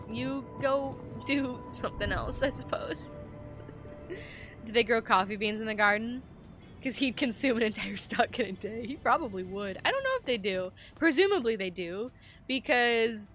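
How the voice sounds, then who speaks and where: Woman streamer, crisp bright voice, lively reactions and casual swearing, faint music under her. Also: mid-range voice. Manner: animated, swears freely, jokes and reacts loudly. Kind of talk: live game commentary and reading game text aloud.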